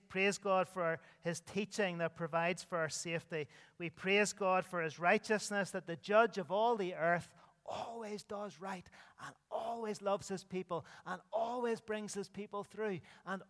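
A man's voice: high voice, fairly bright tone, big-room sound. A man preaching an earnest sermon as pastor, his voice rising and dropping with emphasis. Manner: earnest preaching with sweeping rises and drops.

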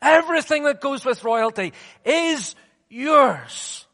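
A man's voice: very high-pitched, lively intonation, slow pace, pushed and bright, voice pushed up, full character voice. A man playing an elderly queen who grandly coaxes the listener in a raised voice, heard with long hall reverb. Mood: coaxing. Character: elderly British queen, gracious and coaxing.

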